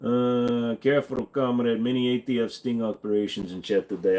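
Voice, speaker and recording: A man's voice: medium pitch, fairly even intonation, moderate pace, few pauses, mellow. A man in casual live stream chat, reading viewer questions aloud and answering them in a crude, joking way. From Virginia.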